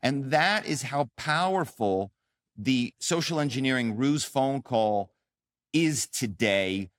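A man's voice: medium pitch, lively intonation, takes it slowly, no room sound, studio quality. Emphatic man telling stories in an interview. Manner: emphatic, acts out calls with quoted voices. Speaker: guest, author and former actor. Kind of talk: animated interview storytelling.

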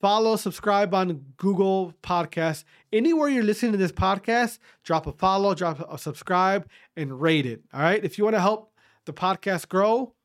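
A man hosting a podcast, ranting bluntly in a casual monologue with lots of swearing and repetition. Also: high voice. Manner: profane, blunt, repetitive, rambling. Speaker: podcast host.

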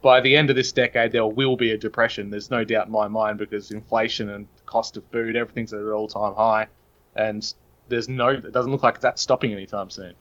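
A man's voice: fairly low pitch, level tone, a little fast, fairly bright tone, muffled recording. A man with an Australian accent, a podcast guest talking in long, earnest, opinionated runs. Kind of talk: casual podcast chat.

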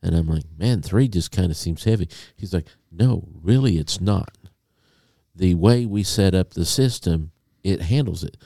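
A man co-hosting a podcast, telling a long story in a casual, animated way and acting out a phone call. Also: sits low, measured pace, creaky, no room sound, studio quality. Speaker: podcast co-host.

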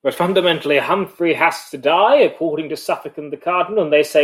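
Man co-host, fairly high voice, analytical explainer. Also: fast talker, few pauses. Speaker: podcast co-host. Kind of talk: casual discussion.

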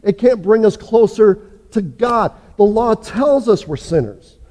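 A man delivers a sermon in a church sanctuary, his voice high yet mellow. He preaches earnestly, pressing hard on some points and sinking low and quiet on others. A long reverb trails behind every phrase. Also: expressive, measured pace. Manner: earnest preaching, builds up then drops low and soft. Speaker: pastor.

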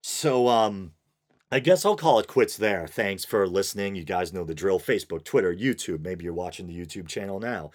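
A man's voice: low-pitched, lively intonation, moderate pace. A man hosting his own podcast, rambling casually with fillers and chuckles. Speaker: podcast host. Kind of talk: casual solo podcast monologue.

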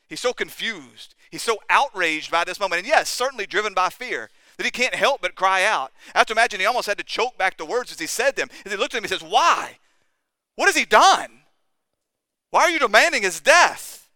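Impassioned male preacher, bright voice. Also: sits high, animated, quick pace, hardly any pauses, no room sound. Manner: impassioned preaching, rising to loud cries at climaxes. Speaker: pastor. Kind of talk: sermon.

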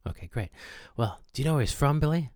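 A man hosting a comedic mock radio show with deadpan, pompous announcer patter. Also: mid-range voice, fast, no room sound, clean studio sound. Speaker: host.

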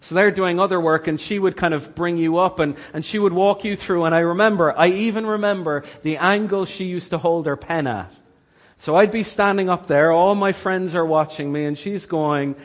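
A man preaching a sermon as pastor, telling stories slowly and earnestly and dropping to a hushed voice for quoted lines. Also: sits high. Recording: long hall reverb.

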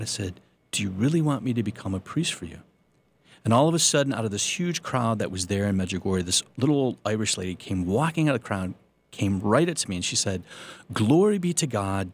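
Low-voiced priest telling his story. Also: lively intonation, a little fast, creaky, breathy edge. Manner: earnest storytelling with self-deprecating humor. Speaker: Catholic priest. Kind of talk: personal faith testimony.

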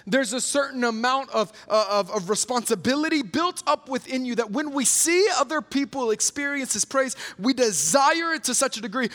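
A young man delivers a sermon with a fairly high voice and an earnest, storytelling manner, often restarting his sentences. His voice rings out with the long reverb of a large hall. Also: a bit bright. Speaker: preacher.

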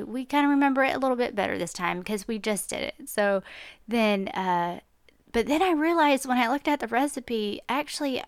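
Chatty woman with a gravelly edge. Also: mid-range voice, no echo, studio quality. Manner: chatty, self-deprecating, lots of fillers and laughs. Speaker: podcast host. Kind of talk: casual storytelling monologue.

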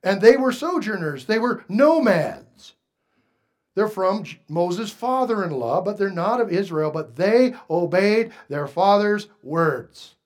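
A man preaching a sermon, moving from quiet asides to raised, emphatic lines and asking the congregation questions. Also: sits high, animated, slow. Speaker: pastor.

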